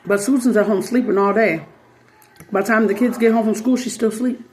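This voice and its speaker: Animated slangy woman telling a story. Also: mid-range voice, brisk, a little hiss or hum. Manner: animated, slangy, acts out quoted voices. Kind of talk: casual storytelling commentary.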